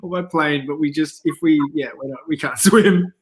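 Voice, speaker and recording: A man, a comedian guest in a casual interview, telling animated anecdotes and laughing often. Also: fairly high pitch, normal speed. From Australia.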